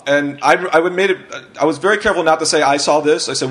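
A man's voice: fairly high pitch, a little fast, hardly any pauses, a bit bright. A man guesting on a podcast, telling a wild story in a rambling, profane way and often laughing through it. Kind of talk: casual storytelling.

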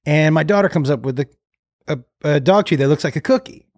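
A man in casual chat, playful and quick with jokes and funny stories about his kids. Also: on the high side, a little mellow, no echo, studio quality. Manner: playful, quick joking interjections.

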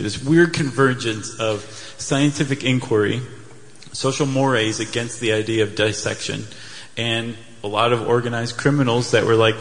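A man's voice: mid-range voice, fairly even intonation, moderate pace. Jokey man on a live stage. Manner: jokey, acts out silly quoted voices. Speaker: podcast co-host. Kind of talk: live stage podcast, comedic storytelling. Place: theater stage before a live audience. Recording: live hall with long reverb.

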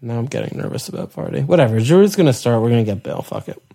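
A man's voice: mid-range voice, lively intonation, rapid-fire, vocal fry, warm tone. A man co-hosting a casual sports chat, laid-back and teasing, with blunt remarks. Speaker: podcast co-host. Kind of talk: casual fantasy football chat.

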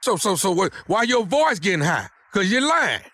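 A man running a radio prank phone call, needling and confrontational. He stammers and repeats himself as he presses his point. His voice sits high. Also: big pitch swings, moderate pace, background noise.

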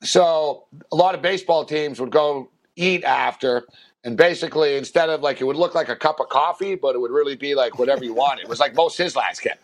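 A man's voice: fairly high pitch, fairly quick. A man telling a long, rambling anecdote on a sports podcast, full of fillers and acted-out quotes. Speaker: podcast co-host. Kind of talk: casual storytelling.

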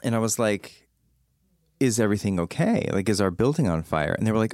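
A man with a low voice tells stories in a casual chat, and he keeps leaping up high with excitement. The sound is dry and close, with no room echo. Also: fast talker. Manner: animated storyteller, often jumping up high in pitch. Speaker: podcast guest.

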